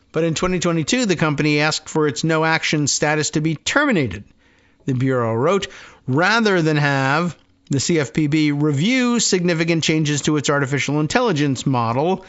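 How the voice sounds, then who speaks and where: A man's voice: on the high side, fairly bright tone, lo-fi sound. A man hosting a talk show, reading news items aloud and commenting on them in a wry, conversational way. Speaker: radio show host.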